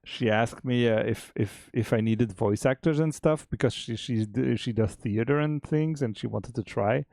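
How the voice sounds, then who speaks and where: A man co-hosting a stream, chatting casually about making a game, relaxed and chuckling, often restarting his sentences. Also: mid-range voice, moderate pace, vocal fry, few pauses, no echo, studio quality. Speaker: game developer and stream co-host.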